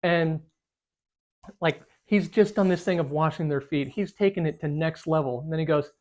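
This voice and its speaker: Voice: mid-range voice, moderate pace, a little mellow. A co-host of a casual group Bible study who talks animatedly, acts out the quotes, and fills speech with "like.". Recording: slightly dull lo-fi sound.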